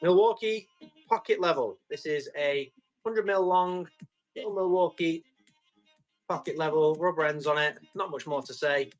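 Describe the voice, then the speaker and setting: A man with a slightly high voice runs a casual live auction, bantering with viewers and reading out their comments. He describes the tools as he tests them, talking in a loose, friendly way. Faint music plays behind him. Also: moderate pace. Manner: chatty, reads out and answers viewer comments; describes items while testing them. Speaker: live-stream tool seller.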